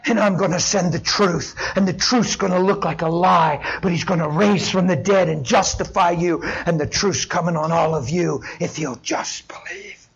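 A middle-aged man preaching a sermon as pastor, impassioned, dropping to a hush and rising to shouts. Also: sits high, moderate pace, vocal fry, hardly any pauses, muffled recording. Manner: impassioned, swings from hushed to shouting.

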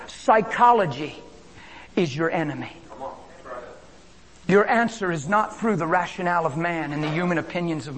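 Impassioned high-voiced male preacher. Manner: impassioned, swings between hushed whispers and loud exclamations; repeats phrases and calls out to the congregation. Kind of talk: sermon.

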